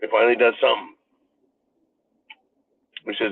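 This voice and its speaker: A man's voice: sits low, fast, pauses often, slight background noise. An American man giving a political commentary monologue, emphatic and profane, ranting as the host. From United States. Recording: phone-like narrow band.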